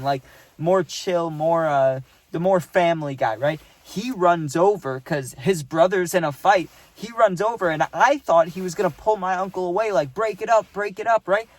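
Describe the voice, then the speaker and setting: A man's voice: fairly high pitch, no room sound. Rambling young man telling a story. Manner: rambling, peppered with "right?" and "dude"; acts out quotes in animated voices. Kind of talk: casual storytime.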